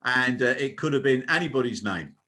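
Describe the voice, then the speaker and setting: A man's voice: mid-range voice, animated, a little fast, sharp tone. An older man co-hosting a podcast, chatting earnestly and making his case. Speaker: co-host. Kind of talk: casual podcast chat.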